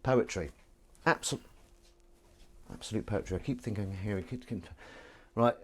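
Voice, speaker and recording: A man's voice: lowish voice, normal speed, a bit bright, a little hiss or hum. A man with a Southern English accent hosting a live stream while washing up, chatting with viewers in a rambling, self-mocking way. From England.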